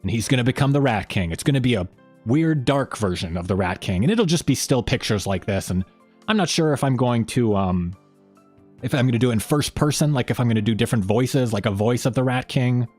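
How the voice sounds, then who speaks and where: A man's voice: mid-range voice, animated, fairly quick, darkish tone, soft background music. A man hosting a fan channel live stream, chatting in a rambling, friendly way and reading chat messages aloud.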